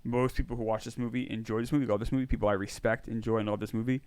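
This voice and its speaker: A man's voice: on the low side, level tone, rapid-fire, a little mellow, no echo. A man in his forties co-hosting a movie podcast, talking in an earnest, self-deprecating way. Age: 40s. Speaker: podcast co-host. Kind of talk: casual movie chat.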